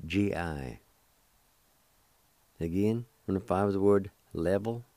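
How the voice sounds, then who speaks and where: A middle-aged man hosting a radio language lesson, patiently spelling out letters one by one and repeating each word slowly. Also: low voice, a little mellow, no echo. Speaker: radio host teaching the language.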